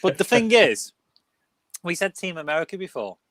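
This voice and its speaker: A man's voice: sits high, sing-song, normal speed, crowd noise. A man hosting a casual livestream chat, jokey and sweary as he teases his guests. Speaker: livestream host.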